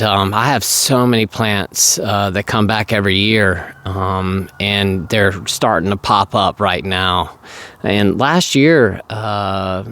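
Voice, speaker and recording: A man talking casually to his viewers in a rambling vlog, hoarse and losing his voice, clearing his throat often. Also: lowish voice, a bit bright. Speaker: vlogger.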